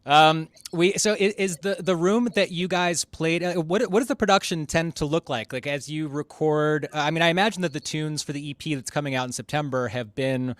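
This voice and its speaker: A man's voice: fairly high pitch, fairly quick, few pauses, no room sound. A man hosting a casual interview, laid-back and enthusiastic. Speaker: host.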